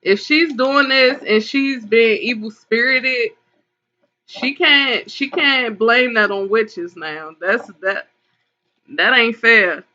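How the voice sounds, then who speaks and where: A woman's voice: on the high side, takes it slowly, sharp tone. A woman hosting a live tarot call-in stream. She reads viewer comments aloud and talks to her viewers in a concerned, casual way, calling them pet names. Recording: dull lo-fi stream audio.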